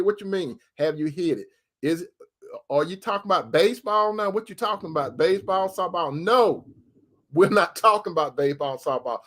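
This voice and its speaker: A man, host of his own faith talk, speaking in a folksy way that repeats phrases and calls out to his brothers and sisters. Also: high-pitched. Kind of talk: casual preaching talk to viewers.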